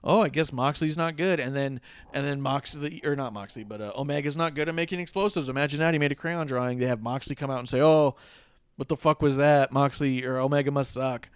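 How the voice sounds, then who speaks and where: A man's voice: mid-range voice, a little fast, clear, resonant tone, dry recording, studio quality. A man co-hosting a casual wrestling talk show, ranting with sarcasm and swearing freely. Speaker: podcast co-host.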